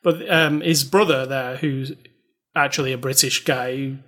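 A man's voice: mid-range voice, steady tone, normal speed, fairly bright tone. A man co-hosting a casual movie review chat, blunt and sarcastic, laughing often. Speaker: podcast co-host reviewing a movie.

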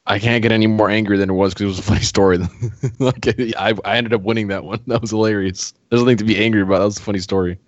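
A man's voice: fairly low pitch, rapid-fire, dry recording. A man co-hosting a podcast, chatting casually and chuckling his way through a story. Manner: laughs through his own story, relaxed and amused. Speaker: podcast co-host. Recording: dull lo-fi dry audio.

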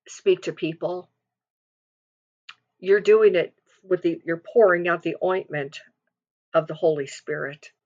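A woman's voice: fairly low pitch, highs cut off. A middle-aged woman giving an informal devotional sermon, retelling scripture in a chatty way with restarts and asides. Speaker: devotional speaker.

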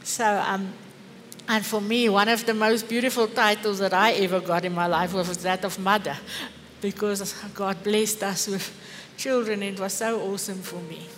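A woman's voice: medium pitch, fairly even intonation, normal speed, a bit bright, slight background noise. A middle-aged woman pastor with an Afrikaans accent, preaching a sermon with fervour and rhetorical questions. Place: church hall. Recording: echoey church hall with faint music.

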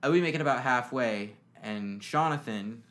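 A man's voice: mid-range voice, moderate pace, a bit bright. A young man telling stories on a podcast as a guest, rambling, swearing, with lots of fillers. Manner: rambling, profane, many fillers. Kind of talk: casual storytelling chat.

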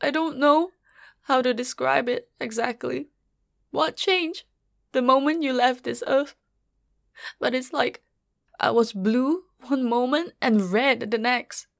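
Quiet, measured woman telling a story. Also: high voice, creaky, dry recording, clean studio sound. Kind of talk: first-person story narration.

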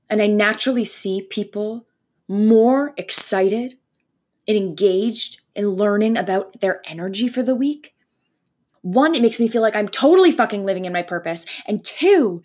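A young woman from Canada hosting her own spiritual podcast, speaking in an earnest, animated way with casual swearing. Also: mid-range voice, breathy edge. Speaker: podcast host. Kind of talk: spiritual motivational podcast monologue.

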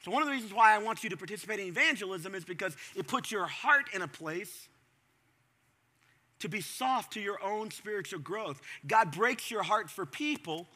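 Bright, high-voiced preaching man. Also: moderate pace. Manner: conversational preaching with sudden animated bursts. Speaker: pastor. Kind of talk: sermon.

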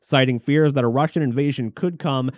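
A man hosting a podcast, casually riffing on current news with jokes and swearing, trailing off into mumbles between louder bursts. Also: medium pitch, fairly quick, no echo, studio quality. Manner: jokey, irreverent, swears freely. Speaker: podcast host.

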